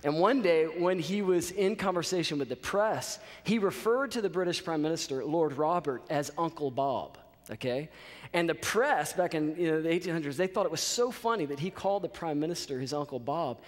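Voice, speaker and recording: Guy giving a chapel talk, storytelling, keeps asking "okay?", slightly high voice. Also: brisk. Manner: animated storyteller, checks in with "okay?". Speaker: college chapel speaker. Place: college chapel. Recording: reverberant chapel hall.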